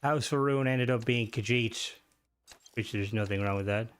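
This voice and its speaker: A man's voice: mid-range voice, normal speed, smooth. A male game streamer chatting casually and profanely with his viewers while he plays. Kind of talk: casual live-stream chat.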